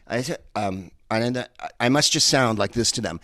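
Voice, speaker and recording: Low-voiced man rambling through stand-up. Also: fairly quick, hardly any pauses, fairly bright tone, dry recording. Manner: rambling, hesitant delivery with many fillers. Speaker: comedian. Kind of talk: stand-up comedy set.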